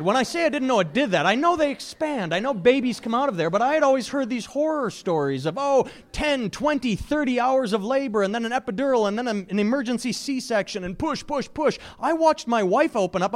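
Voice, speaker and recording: Male stand-up comic, high voice, very lively pitch, animated storytelling. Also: a little fast, few pauses. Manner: animated storytelling, mock shouting. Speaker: stand-up comedian. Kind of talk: stand-up set.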